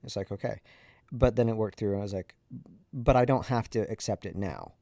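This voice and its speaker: A man's voice: on the low side, a little fast, creaky, warm tone, dry recording, studio quality. A man in his thirties, a podcast host, candidly and reflectively telling a personal story in a conversational way.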